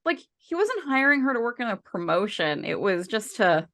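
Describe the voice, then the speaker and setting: A woman's voice: fairly high pitch, sing-song, moderate pace, fairly bright tone. A woman co-hosting a podcast, chatting casually and rambling with lots of fillers and restarts. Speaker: podcast co-host.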